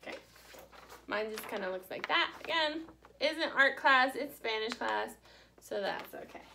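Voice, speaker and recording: A woman with a high, bright voice that swoops up and down as she teaches Spanish to children. She has a gravelly edge and says each word slowly, in a cheerful, encouraging tone. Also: animated, slight background noise. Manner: slow, careful modeling of Spanish words. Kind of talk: recorded online class for children.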